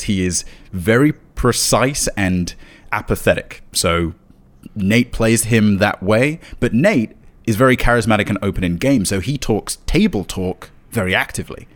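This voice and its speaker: Low-voiced, laughing podcast guest, a man. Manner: animated, rambling, laughs often. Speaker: guest, dungeon master of a tabletop actual-play show. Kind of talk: casual podcast interview chat.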